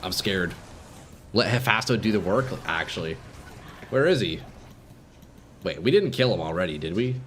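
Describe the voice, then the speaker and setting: A man streaming live gameplay, commenting casually to his viewers and swinging from calm explanation to excited shouting. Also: low voice, normal speed, pauses often, slight background noise. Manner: casual, profane, addresses chat as boys.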